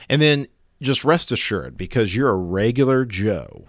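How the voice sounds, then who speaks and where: A man's voice: mid-range voice, animated, unhurried, creaky, dry recording, studio quality. A man delivering a sarcastic, exasperated rant in a monologue. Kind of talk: ranting monologue.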